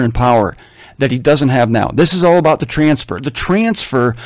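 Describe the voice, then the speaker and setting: A male Bible teacher talks his listeners through the text in an easygoing, lively way. He drifts into wry jokes and then comes back to the point. His voice sits in a middle register and is captured dry and close. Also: mid-range voice, moderate pace, dry recording. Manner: chatty, wry asides, animated.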